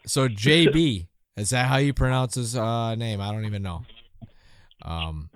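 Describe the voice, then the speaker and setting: A man's voice: mid-range voice, measured pace, smooth. A man hosting a podcast interview, chatting casually and swearing freely, often trailing off mid-thought. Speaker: podcast host.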